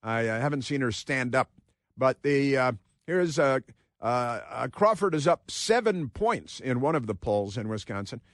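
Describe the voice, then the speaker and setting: A man's voice: mid-range voice, expressive, unhurried, no echo, studio quality. A man hosting a talk radio show, monologuing in a mocking, sarcastic way and breaking into put-on voices to mimic others. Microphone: studio mic.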